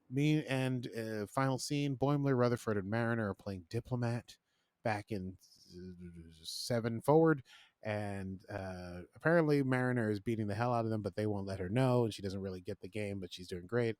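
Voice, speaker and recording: A man's voice: lowish voice, moderate pace, darkish tone, no echo, studio quality. A man hosting a podcast, casually recapping a TV episode in a chatty, jokey, self-deprecating way. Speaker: podcast host.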